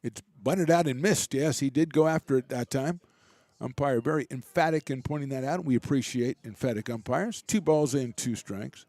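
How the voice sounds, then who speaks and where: A man's voice: medium pitch, moderate pace, hardly any pauses, dry recording. Chatty man calling college baseball. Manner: relaxed, chatty, self-deprecating asides. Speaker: play-by-play announcer. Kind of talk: baseball play-by-play commentary.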